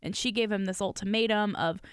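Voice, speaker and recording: A woman's voice: mid-range voice, fairly quick, clean tone, no room sound, clean studio sound. A woman telling a personal story in casual chat, acting out the quotes, swearing and laughing often. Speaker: podcast co-host telling a story.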